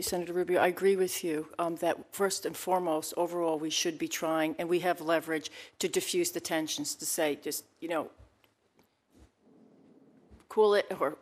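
A woman's voice: fairly low pitch, steady tone, normal speed. A woman giving testimony at a hearing, speaking earnestly and emphatically, often restarting her sentences. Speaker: expert witness at a hearing.

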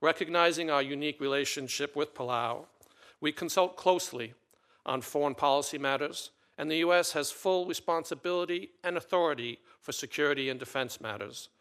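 A man reading a prepared statement before a committee in a measured, formal way. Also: a little high, a bit bright. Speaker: ambassador nominee testifying.

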